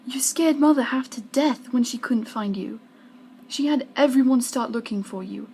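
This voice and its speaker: A woman voicing a young man, a worried older brother who scolds loudly and then comforts. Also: on the high side, steady tone, unhurried, a little hiss or hum, natural voice. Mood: scolding. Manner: loud, urgent, scolding.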